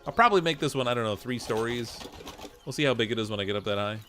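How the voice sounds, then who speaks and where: A man in his forties with a slight Canadian accent, chatting casually while streaming a game, relaxed and chuckling, with many fillers. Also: mid-range voice, very fast, slight background noise. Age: 40s. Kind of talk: casual gameplay stream chat.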